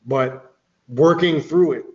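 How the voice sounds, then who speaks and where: A man's voice: a little high, takes it slowly, a little mellow, reverberant, lo-fi sound. A man explaining occult ideas in casual talk, rambling with restarts and the odd curse word. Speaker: occult author guest.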